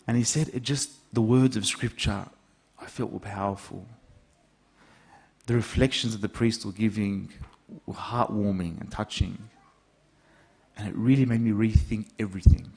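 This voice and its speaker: A man's voice: lowish voice, steady tone, normal speed, a little mellow, husky. A man, a priest, preaching a sermon in a conversational storytelling way, acting out the lines of the people in his stories. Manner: conversational storytelling, acts out quoted dialogue.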